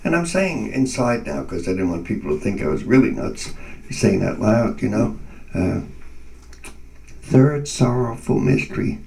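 A man guest earnestly telling a personal faith story in conversation, animated and vivid. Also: lowish voice, moderate pace, vocal fry, recorded from a distance, poor audio.

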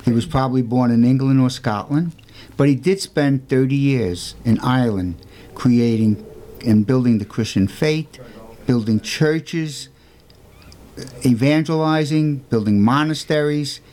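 On a talk show, a man with a middle-pitched, warm voice tells the story of a saint without hurrying. His tone is conversational, and he drives home key points with emphatic rhetorical questions.

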